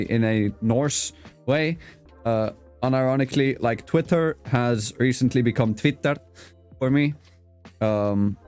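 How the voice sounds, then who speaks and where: A man's voice: mid-range voice, darkish tone, clean tone. A man hosting a casual video-call interview, with an accent mixing British and South African English, rambling, swearing casually and laughing often. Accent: mix of British and South African English. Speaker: host.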